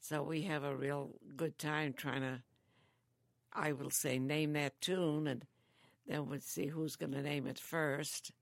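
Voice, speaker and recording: An older woman living in a care home, chatting slowly and telling stories with frequent laughs. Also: low-pitched, flat delivery, vocal fry, no echo. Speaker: interviewee, grandmother. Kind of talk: casual chat.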